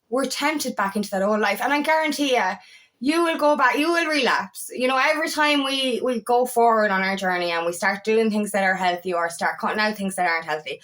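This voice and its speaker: A woman, a spiritual coach talking casually to camera, emphatic and animated, swearing freely. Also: on the high side. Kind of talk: casual monologue.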